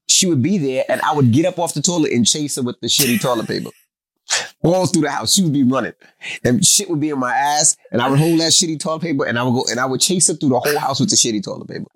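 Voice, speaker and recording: A man's voice: medium pitch, dry recording. A man co-hosting a podcast with his partner, telling joking stories in casual chat. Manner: joking, boastful storyteller. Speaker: podcast co-host.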